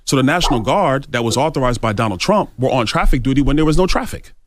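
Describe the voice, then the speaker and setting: A man's voice: medium pitch, animated, fast talker, no room sound, studio quality. A male congressman guest answering interview questions in an assertive, argumentative way. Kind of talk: radio interview.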